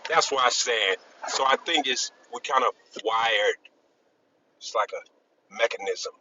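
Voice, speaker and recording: A man in a casual group discussion, talking in a rambling, halting way with many restarts and emphatic bursts. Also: mid-range voice, sharp tone, muffled recording, a little hiss or hum. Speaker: discussion panelist.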